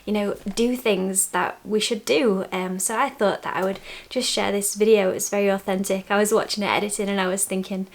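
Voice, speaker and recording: A young woman vlogging from her bedroom at home, chatting candidly to camera and laughing softly between thoughts. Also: mid-range voice, fairly even intonation, moderate pace. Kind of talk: casual chat to camera.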